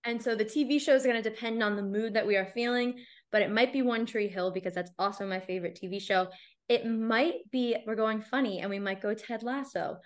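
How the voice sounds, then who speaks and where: A woman's voice: a little high, a little fast. Chatty woman podcast host. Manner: chatty, candid, heavy use of "like". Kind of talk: casual podcast chat.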